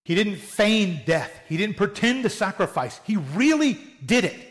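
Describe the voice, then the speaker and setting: A male pastor delivering a sermon in an easy, conversational tone. His voice sits high for a man. He talks plainly and slips into short acted-out bits of everyday dialogue. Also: big pitch swings, normal speed, a bit bright. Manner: conversational, plain-spoken, acts out little quoted exchanges.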